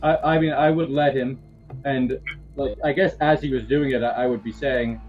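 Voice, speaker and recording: A man's voice: mid-range voice, fairly even intonation, normal speed, darkish tone, faint music behind. Stammering male player, dull sound. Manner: hesitant, stammering. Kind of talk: tabletop role-play.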